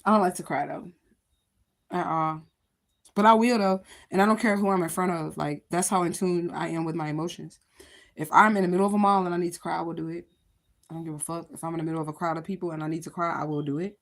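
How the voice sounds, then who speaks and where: A woman's voice: fairly low pitch, steady tone, quick pace. A woman chatting casually on a livestream, talking to her viewers in a candid, rambling way and swearing freely. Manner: addresses viewers directly. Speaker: livestream host.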